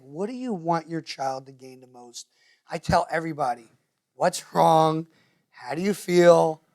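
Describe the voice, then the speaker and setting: A man with a New Jersey accent, speaking to parents in a meeting room and telling stories with quick impressions of other people. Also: sits high. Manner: animated storyteller, quick to mimic others. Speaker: guest speaker. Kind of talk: lively talk to parents. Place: meeting room with a live audience.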